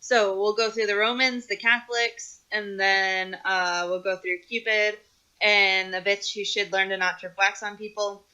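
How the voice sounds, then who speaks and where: A woman's voice: mid-range voice, little pitch movement, measured pace, pushed and bright, clean tone. A woman from the United States co-hosting a podcast in casual chat, with a wry, teasing manner as she steers the talk. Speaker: podcast co-host.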